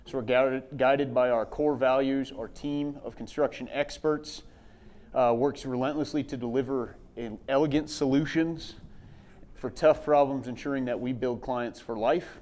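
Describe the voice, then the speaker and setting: A man's voice: medium pitch, normal speed. Man giving a company intro at a conference. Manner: steady, slightly scripted delivery with "uh"s. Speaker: construction safety manager presenting.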